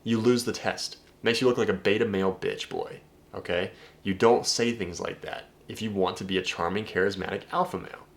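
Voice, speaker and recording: A man's voice: lowish voice, steady tone, a little fast. Emphatic, profane male dating coach. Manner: emphatic, profane, addresses viewers directly. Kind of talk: casual video breakdown of text messages.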